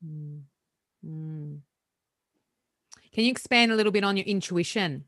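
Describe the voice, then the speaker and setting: A woman hosting a podcast, asking gentle, encouraging follow-up questions. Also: lowish voice, animated, measured pace, no room sound, studio quality. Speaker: podcast host. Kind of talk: interview conversation.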